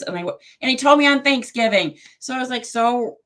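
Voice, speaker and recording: A woman's voice: on the high side, animated, brisk, fairly bright tone. A woman hosting a live tarot reading show, chatty and friendly as she reads cards aloud. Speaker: host.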